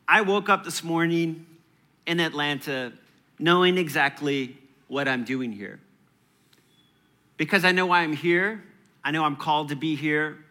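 A man's voice: on the high side, bright, forceful tone. A man in his thirties preaching a sermon in a church, conversational and playful, with chatty asides. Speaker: pastor.

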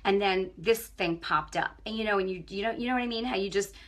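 On her own broadcast, an online ministry broadcaster gives a passionate spiritual testimony in a mid-range voice, speaking a little fast. She tells her stories with animation, swinging between hushed and loud.

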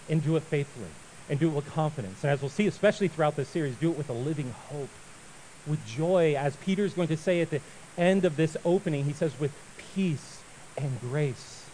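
A male pastor giving a sermon, telling a story with lively acted-out voices before turning to prayer. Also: a little high, slight background noise, poor audio. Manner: animated storyteller, acts out voices and shouts.

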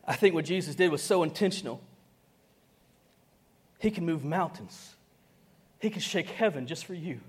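Animated male preacher. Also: high voice, unhurried, pauses often, husky. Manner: animated, acts out dialogue with sudden soft and loud turns; conversational, chuckles often, uses slang. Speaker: pastor. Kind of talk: sermon.

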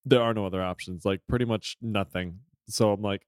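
Animated low-voiced male podcast host. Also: fairly quick, no echo, studio quality. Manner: animated storyteller, acts out exchanges. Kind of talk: casual chat.

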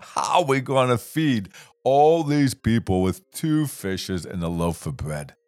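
A man's voice: medium pitch, lively intonation, takes it slowly, darkish tone, clean tone, no echo, clean studio sound. A man voicing a group of grown men who question everything with disbelief. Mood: incredulous. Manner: incredulous, questioning.

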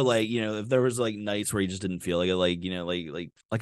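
A man's voice: on the low side, expressive, a little fast, few pauses, dry recording, studio quality. A man hosting a comedic true-crime podcast, rambling and joking with lots of filler and swearing. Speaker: podcast host.

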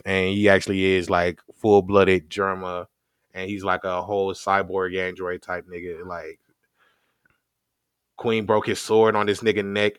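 A man with a lowish voice talks on a podcast in a relaxed, slangy way. He recaps excitedly and often breaks into laughter. His voice sounds dry and close, with no room around it. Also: clear, resonant tone, no room sound. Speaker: podcast co-host. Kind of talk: casual chat.

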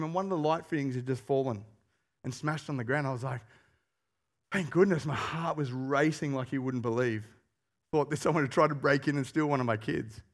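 A pastor preaching a sermon, telling stories with animation and putting questions to the congregation. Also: male voice, on the high side. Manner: animated storyteller who asks the congregation questions.

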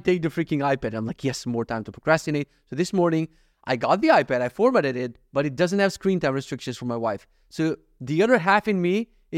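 Fast-talking man rambling on his podcast. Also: fairly high pitch, no echo, clean studio sound. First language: not given. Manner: fast, rambling, swearing, self-mocking; switches into quick voices when quoting others. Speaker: podcast host. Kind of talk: casual solo podcast monologue. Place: at home.

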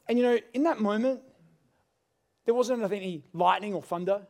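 A man's voice: high voice, brisk, pauses often, a little mellow. A male pastor, preaching a sermon in an earnest, conversational storytelling manner.

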